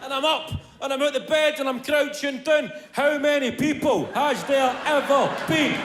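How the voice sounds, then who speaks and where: A man doing a swearing, animated stand-up routine, live on a theatre stage in a large hall with a laughing crowd. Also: extremely high pitch, moderate pace, few pauses. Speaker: stand-up comedian.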